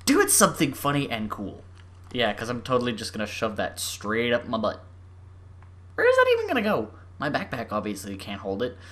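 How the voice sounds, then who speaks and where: A young adult gaming YouTuber giving excitable let's-play commentary, gushing and swinging from squeals to murmurs. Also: mid-range voice, brisk.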